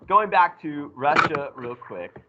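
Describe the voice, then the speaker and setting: A male teacher giving an animated, joking classroom lecture to his students. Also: a little high, takes it slowly, lo-fi sound, very noisy.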